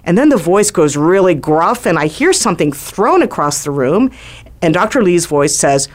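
Middle-aged woman telling a lively story, does little voices for people in it. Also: on the low side, moderate pace. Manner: lively anecdotal storytelling with acted quotes. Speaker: guest, former White House physician. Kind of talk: storytelling in a talk show interview.

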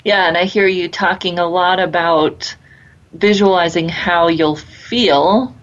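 A woman's voice: fairly low pitch, fairly even intonation, slow pace, fairly bright tone, highs cut off. A woman hosting an interview, chatting casually and affirming her guest with short interjections. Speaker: interview host.

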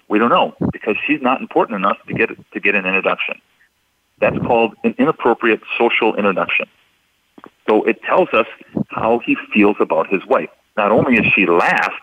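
Man, low and husky, guest expert teaching methodically, thin phone-line sound. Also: no room sound. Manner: patient and methodical, repeats key points. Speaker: interview guest explaining statement analysis. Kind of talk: instructive radio interview.

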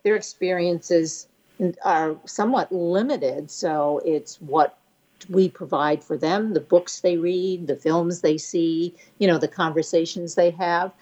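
An older woman hosting an interview, talking in a slow, reflective and hesitant way over dull lo-fi audio. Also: on the low side, steady tone, darkish tone. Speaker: interviewer host. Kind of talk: conversational interview.

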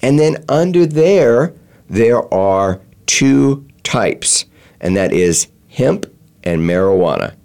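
A man's voice: medium pitch, expressive, slow, vocal fry, darkish tone. A man hosting a talk show, explaining step by step with many fillers and restarts. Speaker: show host. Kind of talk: explanatory chat.

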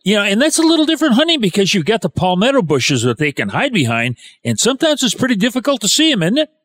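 A man's voice: sits high, very animated, fast, a bit bright. A male host asking a guest conversational, leading questions. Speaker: podcast host. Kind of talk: interview questions.

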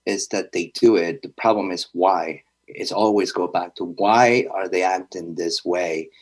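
A man's voice: low voice, a little slow, poor audio. A young man, a fitness trainer and interview guest, speaking in an earnest, reflective way with hesitant fillers. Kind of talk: conversational interview.

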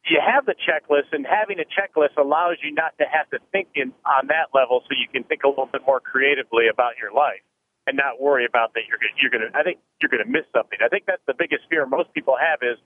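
Casting note: male phone-in guest, explains carefully with restarts, mid-range pitch, tinny phone-line sound. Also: fast. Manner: explanatory, thoughtful, frequent restarts. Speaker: retirement planning guest. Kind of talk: phone interview.

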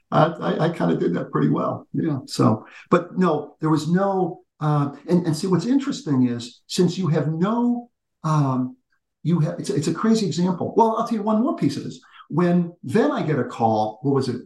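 A man in his sixties, an executive and teacher, telling stories in an animated conversational way with frequent restarts. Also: a little high, roomy sound, rough recording. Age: 60s. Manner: animated storyteller with frequent restarts, addresses the host by name. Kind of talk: conversational interview storytelling.

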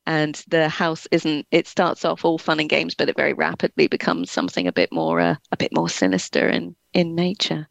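A woman's voice: low-pitched, normal speed, creaky, few pauses, no room sound, lo-fi sound. A young English woman with a slight Scottish touch in her accent, a guest author in a casual interview, chatty and laughing between words. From England.

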